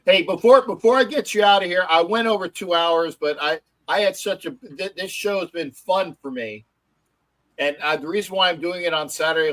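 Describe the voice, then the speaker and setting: A man's voice: on the high side, a bit bright, low-quality recording. A man hosting a casual sports talk show, rambling with many fillers and swearing. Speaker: podcast host.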